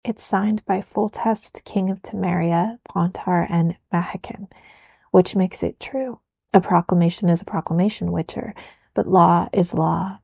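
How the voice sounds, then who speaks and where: A woman voicing a stern, grumbling male castellan in a soft whispered role-play reading. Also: lowish voice, creaky, slightly rough, dry recording, highs cut off, exaggerated voice. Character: gruff wary male castellan, stern official.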